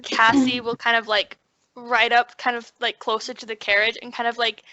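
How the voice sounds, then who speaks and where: A woman's voice: a little high, little pitch movement, normal speed, bright, forceful tone, no room sound. A young woman player describing her tabletop character in a rambling way full of "like", heard through a dry, dull lo-fi recording. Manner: rambling, with many likes.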